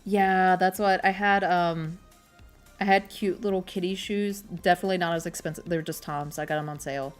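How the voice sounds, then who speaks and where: A woman's voice: fairly low pitch, steady tone, normal speed, faint music behind. A young adult woman who is a streamer, chatting casually and rambling while she crochets, often poking fun at herself. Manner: rambling, chatty, self-deprecating.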